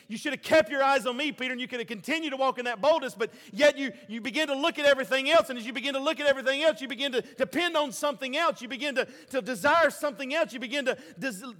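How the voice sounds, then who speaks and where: A man preaching a sermon, passionate, swinging between loud emphasis and quiet, low asides. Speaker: pastor. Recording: hall reverb.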